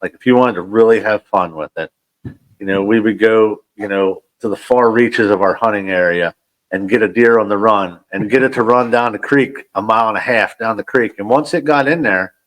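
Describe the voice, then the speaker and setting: Animated storytelling man. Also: lowish voice, normal speed, rough recording. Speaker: podcast guest. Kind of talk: casual storytelling.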